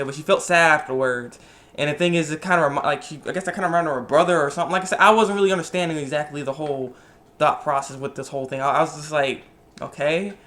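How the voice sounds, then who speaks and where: A man's voice: fairly high pitch, sharp tone. Rambling young man reviewing anime. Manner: rambling, repeats himself, many fillers. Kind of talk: casual episode review.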